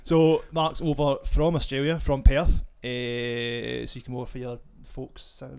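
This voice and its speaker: A man's voice: medium pitch, flat delivery, measured pace, creaky, a little mellow, clear, resonant tone. A man hosting a casual podcast chat, teasing his guest, swearing freely and chuckling often. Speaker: podcast host.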